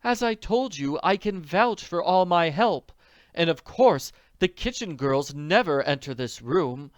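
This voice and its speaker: A man voicing an inn manager who talks quietly and formally, with a hint of impatience. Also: fairly high pitch, animated, dry recording, studio quality, voice pushed up. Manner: quiet, measured, slightly impatient. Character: inn manager, man, calm and stiffly polite.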